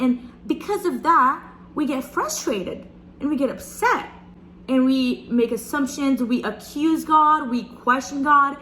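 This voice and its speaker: Young woman, slightly high voice, casual devotional talk, lively and chatty with viewers. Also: a little hiss or hum, rough recording. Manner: chatty, animated, addresses viewers as "guys". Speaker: speaker sharing a Bible reflection.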